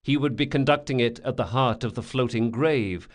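A man reading an audiobook in a dramatic, expressive way. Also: mid-range voice, normal speed. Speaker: audiobook narrator. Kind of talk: scripted audiobook narration.

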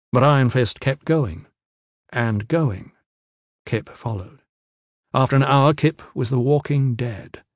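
Guy reading an audiobook, steady and measured, dry mic, no room sound. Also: medium pitch, dry recording. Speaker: audiobook narrator. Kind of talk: scripted narration.

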